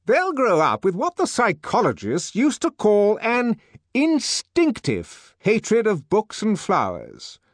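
A man voicing a pompous middle-aged male director in an audiobook, issuing loud, commanding, triumphant pronouncements. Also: sits high, wildly swooping pitch, slow pace, no room sound, clean studio sound, voice pushed up, full character voice. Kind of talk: audiobook character voice.

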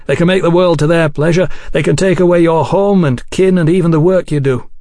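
A man's voice: fairly high pitch, a little fast, dark tone, dry recording, studio quality, voice pushed up, lightly acted. A man voicing a persuasive male swindler who coaxes and then presses his points emphatically. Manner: coaxing, then hard and emphatic. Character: smooth-talking male street swindler, persuasive and bitter.

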